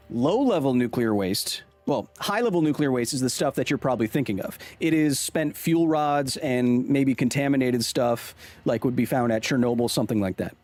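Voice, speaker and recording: Man, 30s, game streamer: lively, bouncy pitch, jokey, chuckles a lot, desk mic in a home room. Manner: animated, jokey, chuckles often, drifts into explaining science. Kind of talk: casual gaming commentary.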